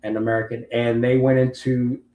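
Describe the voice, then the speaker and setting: A man's voice: mid-range voice, flat delivery, moderate pace, dark tone. A man in his late fifties, a Marine veteran and interview guest, telling a long story and acting out other people's lines. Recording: roomy with faint background hum.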